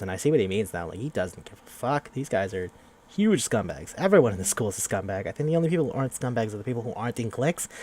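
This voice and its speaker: A man's voice: medium pitch, a little mellow. A young man casually recapping a video game's story on a podcast, rambling and swearing as he acts out the characters' lines. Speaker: podcast host.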